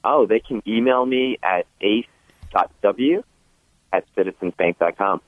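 Deep-voiced guest on a tinny phone line. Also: male voice, a little slow, no room sound. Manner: upbeat, filler-heavy, repeats words. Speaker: bank lending guest. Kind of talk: radio talk show guest.

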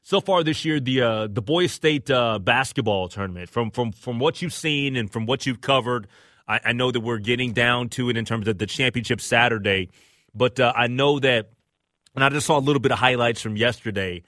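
A man's voice: moderate pace, no room sound, studio quality. A man hosting a radio talk show, chatting casually and agreeably with his co-host and a guest. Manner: conversational, agreeable, rises in pitch when excited.

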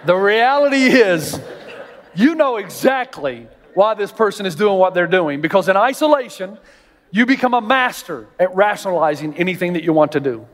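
A male pastor delivers a sermon in a high, lively voice, breaking into jokes and climbing sharply in pitch when he quotes people. The sound carries a long reverb, as though he is in a large hall. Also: moderate pace. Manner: animated, jokey, rises high and loud in quoted voices.

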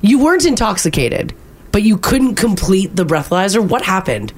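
A woman's voice: mid-range voice, sing-song, moderate pace. A woman co-hosting a talk radio show, asking pointed, indignant questions in casual chat. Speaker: radio co-host.

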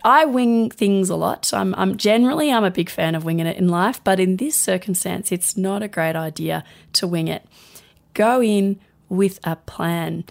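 Upbeat woman co-host, emphatic delivery, some vocal fry. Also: fairly low pitch. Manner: upbeat, emphatic, laughs easily. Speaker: podcast co-host. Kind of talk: casual conversational advice.

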